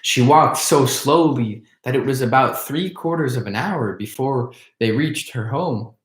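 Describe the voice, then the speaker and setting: A man reading a children's storybook aloud, in a slow, measured style. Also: medium pitch. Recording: echoey room.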